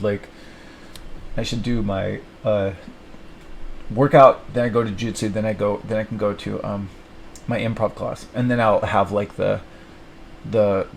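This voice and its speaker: A man's voice: fairly low pitch, vocal fry, darkish tone, a little hiss or hum, poor audio. A young man thinking aloud at his desk, rambling and self-mocking as he plans his week. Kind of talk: rambling solo self-talk.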